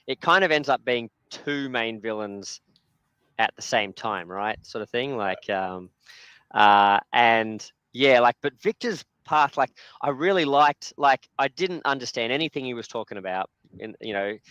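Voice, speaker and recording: A man's voice: medium pitch, animated, a little slow, pushed and bright, clean tone, no room sound. A man hosting a casual chat, rambling with many fillers and restarts. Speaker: podcast host.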